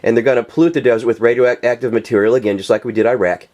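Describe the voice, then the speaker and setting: A man's voice: medium pitch, fairly even intonation, fast, darkish tone, lo-fi sound. Heated man ranting on camera. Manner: heated, profane, many fillers and restarts. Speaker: political video commentator. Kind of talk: casual ranting monologue.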